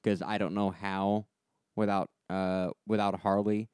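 Podcast co-host, male, low and smooth, loose rambling delivery. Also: little pitch movement, a little slow, a little mellow, no room sound, clean studio sound. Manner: rambling, filler-heavy with many "like"s. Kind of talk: casual chat.

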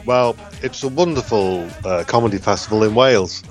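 A man's voice: fairly low pitch, brisk, soft background music. A man guesting on a podcast over a call, chatting in a rambling, hesitant way and repeating words. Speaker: comedian guest. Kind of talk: casual chat on a call. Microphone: call over the internet.

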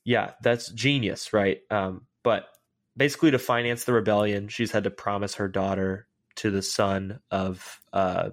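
A man co-hosting a casual fan podcast, retelling scenes excitedly with lots of filler words. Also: on the low side, a little slow. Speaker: podcast co-host.

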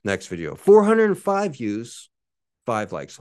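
A man's voice: mid-range voice, wildly swooping pitch, a little slow, darkish tone, clean tone, no room sound, clean studio sound. A man in his forties hosting his own podcast, ranting in a profane, boastful and combative way. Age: 40s. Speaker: podcast host.

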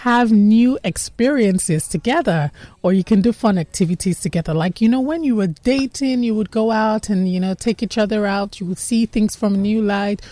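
A woman with a Nigerian English accent talks through relationship advice in a relaxed, chatty way. Her voice is mellow and warm, and the sound is close and dry. She keeps slipping into playful voices to act out quoted bits of dialogue. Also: medium pitch, moderate pace, no echo. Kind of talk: casual advice talk.

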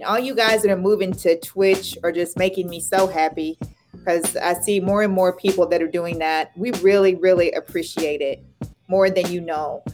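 Upbeat female co-host, low voice. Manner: upbeat, grateful, easygoing. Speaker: podcast co-host. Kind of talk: casual podcast chat.

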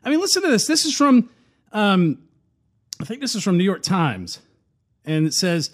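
A man's voice: sits high, very animated, moderate pace, pauses often. A man hosting a political talk show, reading news quotes aloud and reacting with opinionated commentary. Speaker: host.

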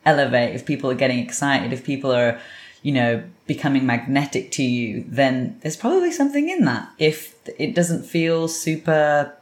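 Podcast guest, thoughtful steady explaining, casual chat, echoey room. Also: medium pitch, moderate pace. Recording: roomy echoing sound.

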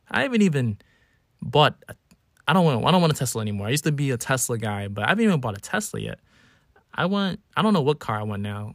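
A podcast host in his twenties delivers a casual solo monologue, telling stories in an animated way and now and then acting out exaggerated, whiny versions of himself. His pitch is middling, and the recording is dry and close-miked with no room sound.

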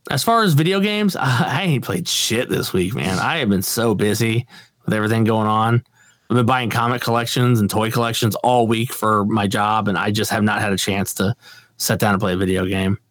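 A man's voice: fairly low pitch, normal speed, fairly bright tone, dry recording, clean studio sound. A man co-hosting a podcast in casual chat, laid-back and swearing casually, laughing often. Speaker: podcast co-host.

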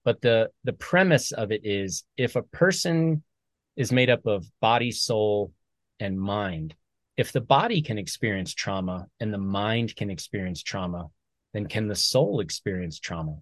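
A man, a military veteran and author, talking earnestly as a podcast guest, animated when he quotes other people. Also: fairly low pitch, unhurried, no room sound. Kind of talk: conversational storytelling.

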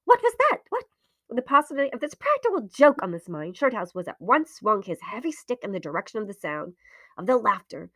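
Woman, ghost story reading, dramatic, whispery, slows for suspense, dry close recording. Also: medium pitch, very animated, fairly bright tone, no echo.

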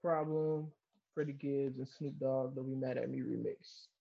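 A man co-hosting a casual music call, introducing tracks in a relaxed, hesitant way with many fillers. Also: mid-range voice, measured pace, vocal fry. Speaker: co-host who plays songs. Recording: dull lo-fi call audio.

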